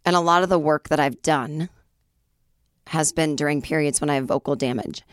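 A chatty woman in her forties tells a story on her podcast, acting out the people she quotes. Her voice sits low and is slightly raspy, recorded close and dry with no room sound. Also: normal speed, no echo. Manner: chatty, self-deprecating, acts out quoted voices. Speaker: podcast host. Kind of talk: casual storytelling monologue.

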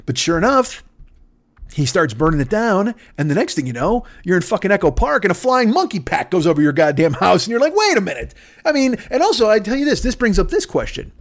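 A man rants his way through a rambling comedy riff, his voice pitched high and leaping all over the place. He swears constantly and piles one absurd tangent on another. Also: fairly quick. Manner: profane, excitable, absurd tangents. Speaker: podcast host.

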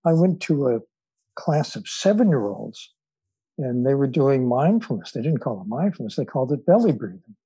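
A man, an author and guest, telling stories in an interview in a measured way with frequent fillers. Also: mid-range voice, very animated, mellow, husky, dry recording, muffled recording. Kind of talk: storytelling in an interview.

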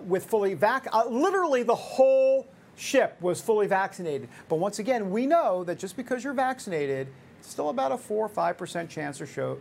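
A woman's voice: fairly low pitch, a little mellow, slight background noise. A woman in her fifties hosting a talk show, giving opinionated commentary with sarcastic, jokey asides. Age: 50s.

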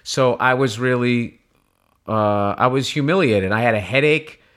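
Male comedian guest, casual storyteller, profane and animated, mid-range voice. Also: mid-range voice, unhurried. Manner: profane, animated, rambling with restarts.

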